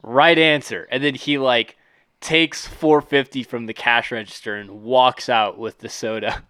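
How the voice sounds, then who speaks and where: Give me a man with a smooth, mid-pitched voice, rambling through a casual podcast recap. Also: fairly even intonation, measured pace, fairly bright tone, no room sound. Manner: rambling plot summary, many fillers. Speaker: podcast co-host.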